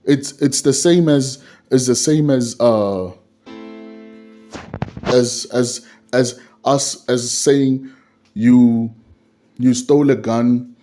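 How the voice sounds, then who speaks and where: A man's voice: medium pitch, very slow, long pauses, dark tone, faint music behind. A man giving a solo commentary on a court case, repeating his points and asking rhetorical questions.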